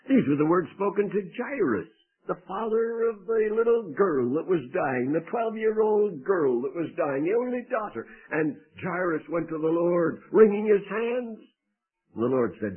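A man preaching a sermon with emphatic delivery and big swings of pitch. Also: animated, normal speed, husky, phone-quality sound.

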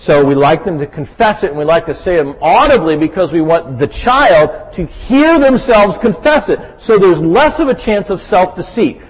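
A man preaching a sermon in an earnest way, often checking in with his listeners. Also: sits high. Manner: earnest, with frequent "right?" check-ins. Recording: muffled, lo-fi recording in a reverberant hall.

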